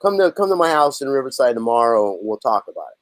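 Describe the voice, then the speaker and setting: A man's voice: mid-range voice, fast, no room sound. A man telling stories in a casual interview as a band's lead singer, acting out the lines of the people in his tale. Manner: animated storyteller, acts out others' lines. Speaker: lead singer and songwriter, guest.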